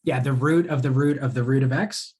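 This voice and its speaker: A man's voice: medium pitch, a little fast, a little mellow. A young man teaching a live online math lesson in a casual way, answering student questions as he works through problems. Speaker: course instructor.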